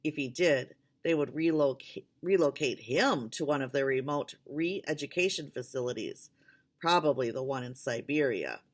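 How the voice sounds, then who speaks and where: Low-voiced woman reading a novel aloud. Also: expressive, moderate pace. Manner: unpolished, with restarts and asides. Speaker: audiobook reader.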